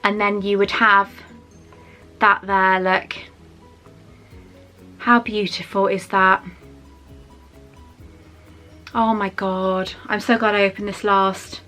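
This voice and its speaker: A woman's voice: medium pitch, flat delivery, slow, pauses often, pushed and bright, soft background music. A woman in her forties chatting through an unboxing at home, emotional and wandering into asides. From Wales. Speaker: vlogger. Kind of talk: casual unboxing chat.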